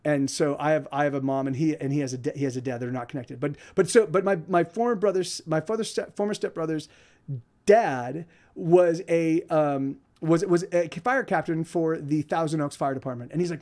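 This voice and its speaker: A man's voice: a little high, fairly quick, a little mellow. A man telling an angry, profane story in a rambling way, with many restarts. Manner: quotes others in put-on voices. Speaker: podcast host.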